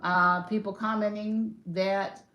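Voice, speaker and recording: A woman's voice: medium pitch, flat delivery, slow pace, fairly bright tone, muffled recording. Woman chatting on a home livestream. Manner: conversational, self-reflective, with frequent fillers. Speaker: livestream host. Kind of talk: casual livestream chat.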